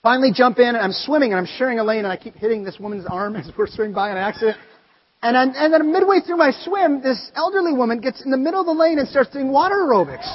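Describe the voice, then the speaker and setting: A man preaching a sermon, telling stories with animated swings between loud exclaiming and quiet earnest talk. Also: very high voice, quick pace, slight background noise. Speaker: pastor. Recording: dull, lo-fi sound with long hall reverb.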